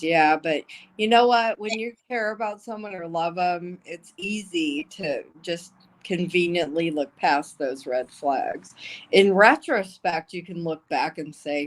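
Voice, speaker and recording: Brief: unhurried woman streamer, lowish voice, blunt and profane. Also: low-quality recording. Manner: blunt, swears often, emotional asides. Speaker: livestream commentator. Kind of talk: casual live-stream commentary.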